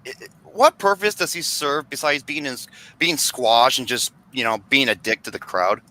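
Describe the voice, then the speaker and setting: A man co-hosting a casual podcast, tossing in crude jokes and quick reactions. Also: medium pitch, animated, bright, forceful tone, no echo, low-quality recording. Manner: crude joking asides. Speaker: podcast co-host. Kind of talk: casual banter.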